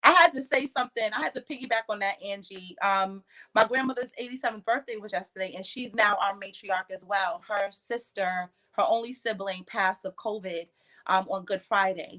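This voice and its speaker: A woman on a panel discussion telling a family story quickly and emotionally, acting out quoted dialogue. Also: medium pitch, bright, forceful tone.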